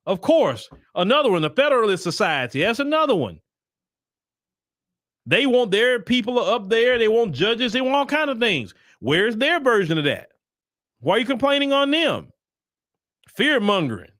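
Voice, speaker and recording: A man hosts a solo political commentary show in a high, fairly bright voice with big pitch swings at a normal pace. He speaks emphatically, fires off repeated rhetorical questions, and makes sarcastic asides while browsing websites on screen. The recording is dry and clean, with studio sound.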